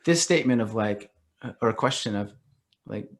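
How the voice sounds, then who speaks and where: A middle-aged man chatting as a guest on a podcast, his voice at an ordinary middle pitch. He talks animatedly and loosely, filling his sentences with "like" and dropping into quick acted-out quotes. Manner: animated, acts out quoted reactions, heavy use of "like". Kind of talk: casual podcast conversation.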